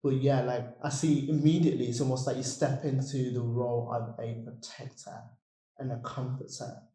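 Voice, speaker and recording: A male podcast host speaks calmly and supportively to his guest. His voice is very dark and flat in pitch. The room around him is echoey. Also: moderate pace. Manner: calm, affirming listener. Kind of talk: casual podcast interview.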